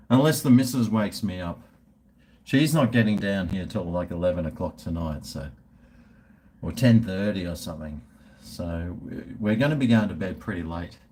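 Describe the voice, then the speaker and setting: A man's voice: fairly low pitch, mellow, a little hiss or hum. A man with an Australian accent, chatting casually on a livestream and answering viewer comments in a rambling, easygoing way. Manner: rambling and chatty, with laughs and trailing restarts. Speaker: food reviewer and livestreamer.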